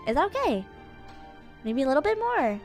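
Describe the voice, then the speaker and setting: A woman's voice: sits high, big pitch swings, moderate pace, a little mellow, soft background music. A young woman streaming from home at a desk microphone, chatting casually and in a bubbly, giggly way as she thanks her viewers. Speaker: VTuber streamer. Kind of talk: casual live-stream chat.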